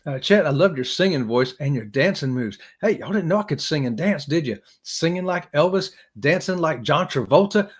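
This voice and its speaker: A man's voice: a little high, expressive, moderate pace, few pauses, husky. A man hosting a live stream, chatting casually with viewers in an upbeat, joking, folksy way. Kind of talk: casual chat reading viewer comments.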